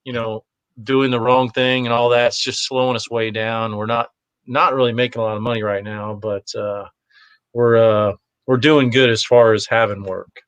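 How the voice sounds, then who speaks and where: A man's voice: medium pitch, fairly even intonation, moderate pace, a bit bright, clean tone, dry recording, highs cut off. A man talking as a guest in a casual chat, easygoing and rambling, with lots of fillers. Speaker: guest, competitive shooter.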